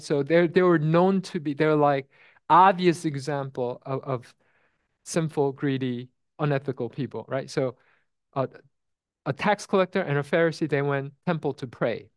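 Repetitive middle-aged preacher, dry close sound. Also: male voice, on the high side, no room sound. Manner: repeats words, often asks "right?". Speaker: pastor. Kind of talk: sermon.

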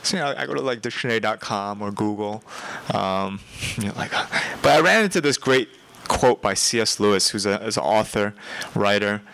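A young man giving a sermon in a conversational, animated way, with emphatic repetition. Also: fairly low pitch, moderate pace, creaky, poor audio. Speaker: preacher.

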